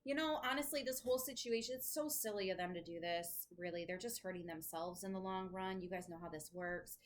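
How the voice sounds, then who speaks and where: A woman's voice: on the low side, fairly quick, low-quality recording. A woman giving a casual tarot reading to camera, chatty and thinking aloud, with the odd swear, at home with her dogs nearby. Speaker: tarot reader.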